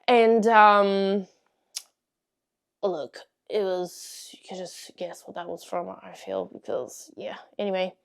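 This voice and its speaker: A young woman recounts events straight to camera in a loose storytime. Her pitch sits right in the middle, and she swears without pause, laughs often and lurches between loud bursts and hushed asides. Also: animated, gravelly. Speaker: vlogger. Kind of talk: casual storytime monologue.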